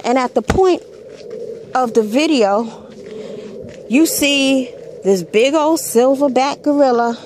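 Blunt high-voiced woman telling a story. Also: a little mellow, a little hiss or hum. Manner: blunt and emphatic, punctuating points with a drawn-out "Hello". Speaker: channel host. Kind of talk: casual profane storytelling commentary.

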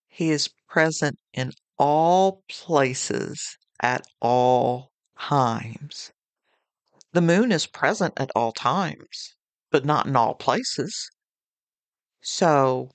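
Woman, devotional podcast host, slow and deliberate delivery, earnest and chatty, dry close sound. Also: low-pitched, no room sound. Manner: earnest, conversational, with homely anecdotes.

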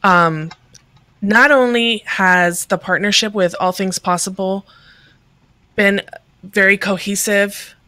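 An earnest woman speaks in a loose, conversational way over a video call, full of fillers. Her voice is bright and forward, with a dry, close sound and no room around it. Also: mid-range voice, fairly even intonation, slow, pauses often, dry recording. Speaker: guest, ministry leader. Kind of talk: casual video-call interview.

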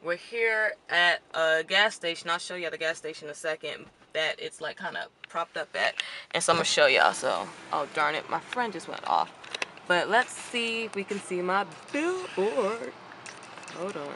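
A woman's voice: on the low side, animated, normal speed, sharp tone, a little hiss or hum. A young woman, chatting to camera from her car, emotional and close to tears. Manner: chatty and emotional, near tears, says "y'all" often. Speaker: beauty vlogger. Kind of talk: casual vlog to camera. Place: car parked at a gas station.

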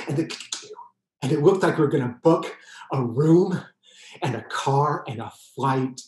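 A man telling a comic solo story, exuberant and pulling the audience in, with sudden high yelps. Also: moderate pace, reverberant, low-quality recording. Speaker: solo performer.

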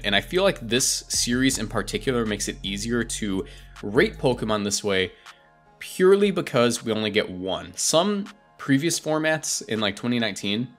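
A man's voice: on the low side, fairly bright tone. A young man hosting his own gaming channel, talking casually and correcting himself mid-thought as he rates game characters. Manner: chatty, self-correcting, quick asides. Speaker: competitive gaming video host. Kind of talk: casual commentary.

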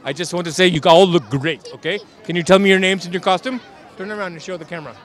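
A man's voice: high voice, fairly even intonation, quick pace, some chatter behind. A man interviewing costumed children at an outdoor Halloween parade, cheerful and coaxing, joking as a mock vampire count. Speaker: community TV street interviewer.

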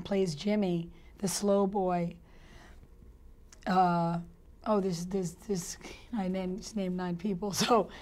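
A woman actress in a casual interview, telling stories in a chatty, animated way and laughing often. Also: medium pitch.

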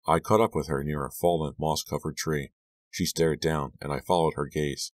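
A man narrating a scary audiobook in a measured, hushed storytelling manner, lifting his voice for the dialogue. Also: rumbling low, little pitch movement, dry recording. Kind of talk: scripted narration.

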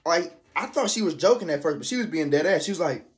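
A man telling a casual spoken anecdote, halting, full of restarts and slangy fillers. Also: a little high, animated. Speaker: storyteller.

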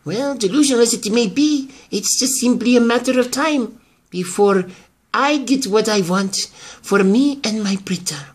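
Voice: medium pitch, moderate pace, husky, natural voice. A performer voicing a scheming older woman who is obsessed with her daughter and grandson, in amateur soap-opera acting. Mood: gloating. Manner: haughty, gloating, pleading in turns.

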